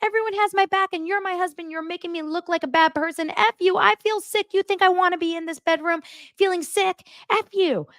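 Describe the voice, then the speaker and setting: A furious young wife shouts at her husband in a shrill, high, strained voice, as a woman puts her on. She keeps hammering the same words, right up close on a dry, dead mic. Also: steady tone, fairly quick, no room sound. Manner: shrill, shouting, repeating herself.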